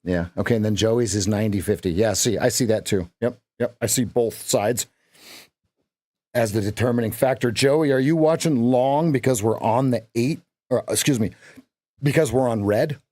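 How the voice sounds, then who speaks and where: A man's voice: medium pitch, moderate pace, darkish tone. A man with an Alaskan accent, a trading coach chatting casually and muttering to himself while watching charts on a live stream.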